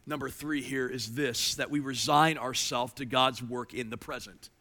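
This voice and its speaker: A man preaching a sermon, animated, climbing to emphatic peaks and then dropping low. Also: normal speed. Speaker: pastor. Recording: reverberant hall.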